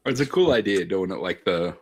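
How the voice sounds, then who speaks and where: A worn-out man with a low, husky voice groans and yawns through a friendly video call. His pitch swings widely as he talks. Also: a little fast. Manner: groaning, animated. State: tired, yawning. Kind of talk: casual chat.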